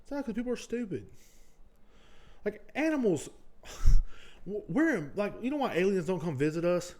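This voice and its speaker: With a high-pitched, darkish voice and lively intonation at normal speed, a man from the United States runs his own podcast at home indoors. The monologue is casual, blunt, and ranting, with constant swearing.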